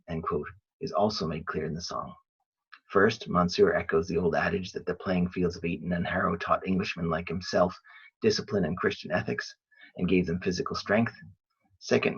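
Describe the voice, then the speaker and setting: A man reads an academic literature lecture aloud at a measured pace, calling out each quotation. His voice sits very low and sounds heavily husky. The recording is dull and lo-fi. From Ireland.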